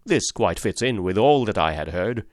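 A man voicing a brisk, sharp-spoken middle-aged financial agent who flatters and talks up a job offer in an audiobook. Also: fairly low pitch, no echo, clean studio sound, lightly acted. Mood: flattering. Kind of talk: audiobook character voice.

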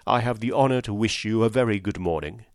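A man's voice: fairly low pitch, fast, dry recording, studio quality, natural voice. A man voicing a reserved male detective who speaks coldly and formally. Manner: cold, clipped.

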